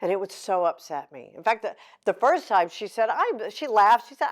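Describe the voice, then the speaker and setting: A woman's voice: mid-range voice, big pitch swings, normal speed. A middle-aged woman author giving a candid, heartfelt talk to an audience, mixing emotion with self-deprecating humor. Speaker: author at a book signing.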